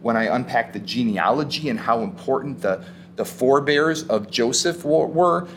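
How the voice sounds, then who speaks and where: A man preaching a sermon as pastor, retelling scripture with animated emphasis and casual asides. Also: mid-range voice, normal speed, slight background noise.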